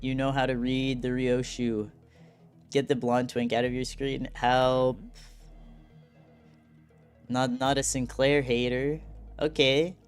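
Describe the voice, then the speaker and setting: A man's voice: mid-range voice, level tone, slow, long pauses, clean tone, faint music behind. A man streaming a story game, casually reading it aloud and making joking, laughing asides. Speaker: gaming streamer.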